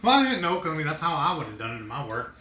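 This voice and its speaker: A man co-hosting a home cooking livestream, chatting and teasing in a relaxed, easygoing way. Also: a little high, rapid-fire. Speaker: co-host. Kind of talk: casual kitchen chat. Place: home kitchen. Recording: echoey room with faint background noise.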